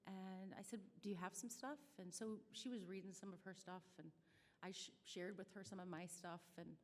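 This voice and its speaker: A middle-aged woman with a Midwestern American accent speaks at a charity brunch. She tells a story in a chatty, self-deprecating way, her pitch in a middle range. Her voice rings out with a long reverb through a banquet hall. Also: steady tone, normal speed. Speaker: nonprofit staff speaker.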